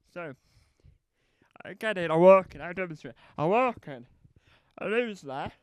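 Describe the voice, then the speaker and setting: High, smooth-voiced man telling rambling stand-up. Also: animated, measured pace, pauses often, dry recording. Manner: meandering, self-correcting, acts out both sides of conversations. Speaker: stand-up comedian.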